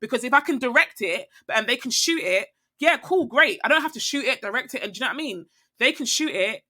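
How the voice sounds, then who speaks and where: A woman's voice: fairly high pitch, lively intonation, fast talker, pushed and bright. A woman chatting candidly as a podcast guest, rambling and reflective, with plenty of fillers and restarts. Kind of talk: casual conversation.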